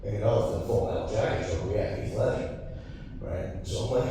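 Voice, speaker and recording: A man's voice: fairly low pitch, quick pace, dark tone. A man from Massachusetts in his thirties doing a crude, rambling stand-up set, laughing at his own jokes. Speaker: stand-up comedian. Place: comedy venue with audience. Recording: echoey hall, far mic, faint noise.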